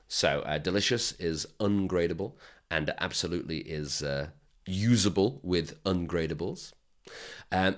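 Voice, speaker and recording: Deep-voiced man teaching with lively pitch. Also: normal speed. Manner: patient, explanatory, frequent "okay?" checks. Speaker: English teacher. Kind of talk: video grammar lesson.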